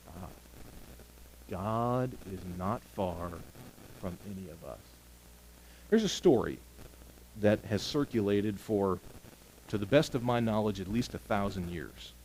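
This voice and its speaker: A male pastor preaching with animated, story-driven delivery. His pitch rises and falls a great deal, and he moves between booming emphasis and near-whispered moments. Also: slight background noise, poor audio. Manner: animated storytelling, moving between loud and hushed. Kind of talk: sermon.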